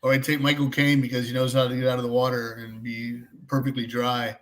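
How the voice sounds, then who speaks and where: A man's voice: mid-range voice, flat delivery, a little fast. A man chatting casually as a guest on a live fan show, tossing out jokey picks with offhand reasons. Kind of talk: casual chat.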